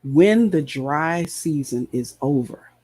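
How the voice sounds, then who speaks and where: Impassioned preacher, dull husky voice. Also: male voice, a little high, expressive, takes it slowly, darkish tone. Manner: impassioned, emphatic, repeats phrases. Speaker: preacher and show host. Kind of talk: sermon.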